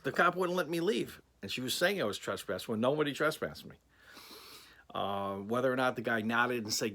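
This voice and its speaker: A man's voice: medium pitch, pushed and bright. A man angrily recounting a personal incident to camera, emphatic and repetitive, swearing now and then. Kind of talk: angry personal storytelling.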